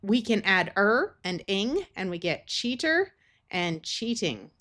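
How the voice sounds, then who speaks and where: A woman's voice: medium pitch, big pitch swings, slow pace, fairly bright tone. An American woman teaching a phonics lesson, sounding out words carefully in parts. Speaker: reading tutor.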